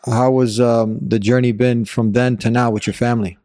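A man's voice: medium pitch, level tone, normal speed, warm tone, dry recording, studio quality. A man interviewing a guest, asking questions hesitantly with many fillers.

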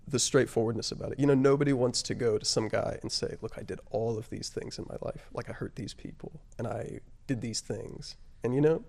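A man telling his personal story as an interview guest, halting and reflective, often pausing on fillers and dropping his voice on emotional points. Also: medium pitch, creaky, a little mellow. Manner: halting and reflective, frequent "like" and "you know" fillers.

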